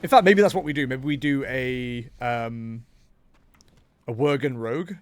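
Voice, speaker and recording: A young man streams a game, chatting casually and rambling with jokes as he talks himself into ideas. His voice is medium-pitched and a little slow, and the recording has no echo.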